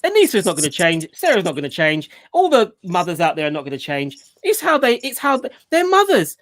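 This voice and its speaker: A man talks in a loose, rambling way during a casual group video chat. His voice sits fairly high and swings widely in pitch, and he keeps starting his sentences over. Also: wildly swooping pitch, a little fast, fairly bright tone. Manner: chatty, rambling, with frequent restarts and "you know". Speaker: channel host and father.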